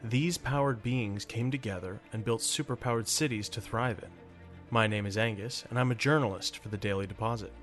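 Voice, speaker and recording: A man reading a scripted show introduction in a measured, announcer-like way. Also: lowish voice, a bit bright, faint music behind.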